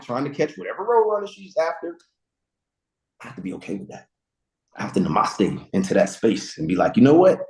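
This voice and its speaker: A man in his forties, a guest speaker, telling lively stories with casual slang and acted-out quotes. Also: mid-range voice, echoey room, low-quality recording. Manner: storytelling with slang, acts out quotes. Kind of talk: animated motivational talk.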